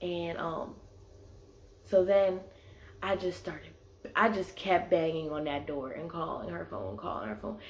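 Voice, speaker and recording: A young woman who vlogs tells a story a little slowly in a voice on the low side, with a little hiss or hum in the audio. Her delivery is animated and slangy, sprinkled with "like"s and other fillers. The space sounds echoey.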